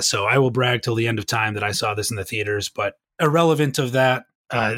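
A man's voice: medium pitch, fairly bright tone, no echo, studio quality. A man guesting on a podcast, telling stories in casual chat with rambling enthusiasm and frequent laughs.

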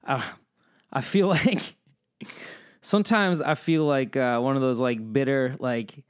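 A man's voice: medium pitch, a little slow, smooth, no echo, studio quality. A young man hosting a podcast in casual chat, rambling and joking at his own expense with exaggerated complaints. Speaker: podcast host.

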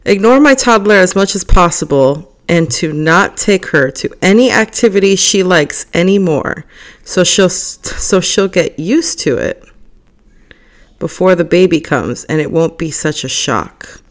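A woman's voice: fairly low pitch, measured pace. Chatty woman hosting a solo podcast. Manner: chatty and animated, laughs often. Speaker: podcast host. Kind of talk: casual solo chat, reading forum posts aloud.

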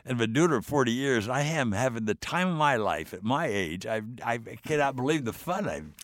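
A man's voice: medium pitch, lively intonation, normal speed, no echo. An older man, a podcast guest, telling stories with enthusiasm and acting out the dialogue. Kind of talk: storytelling in a faith podcast.

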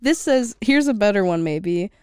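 A woman's voice: medium pitch, lively intonation, normal speed, a little mellow, smooth, no echo. A young woman co-hosting a podcast in casual chat, easygoing, at times reading notes aloud. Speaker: podcast co-host.

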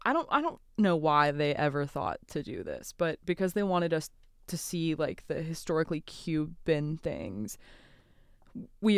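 A young woman co-hosting a podcast, telling a school trip story in a relaxed way with many fillers. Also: low voice, vocal fry, dry recording, studio quality. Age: young adult. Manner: laid-back storytelling with fillers. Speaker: podcast co-host. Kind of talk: casual chat.

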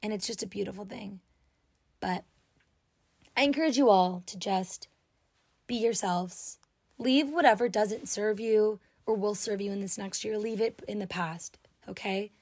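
A young woman hosting her own podcast, talking alone in a warm, gushing, affirming way. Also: mid-range voice, measured pace, no echo. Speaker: podcast host. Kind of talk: solo podcast talk.

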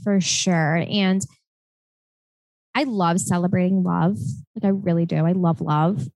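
A woman's voice: fairly low pitch, steady tone, measured pace, a little mellow, no echo, low-quality recording. A young woman co-hosting a podcast, chatting casually and loosely with lots of filler words. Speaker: podcast co-host. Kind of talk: casual chat.

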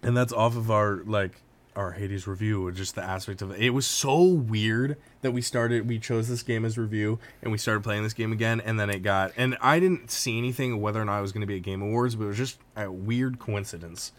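A man with a lowish voice co-hosts a casual gaming podcast. He rambles, restarting sentences and leaning on fillers as he goes. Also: fairly even intonation, a little fast. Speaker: podcast co-host.

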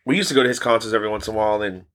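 A man's voice: fairly low pitch, very fast, a bit bright. A young man co-hosting a podcast in casual chat, laid-back, swearing a lot and laughing often. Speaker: podcast co-host.

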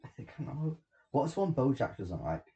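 A man co-hosting a casual podcast, eager and jumping between topics, with excitable bursts. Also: medium pitch, moderate pace. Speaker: podcast co-host. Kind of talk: casual chat.

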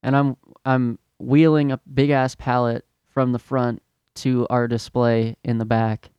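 A man's voice: mid-range voice, flat delivery, unhurried, clean tone, no room sound, dull audio. A young man hosting a podcast, ranting in a fed-up, profane, exasperated way about his retail job. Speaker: podcast host, retail worker.

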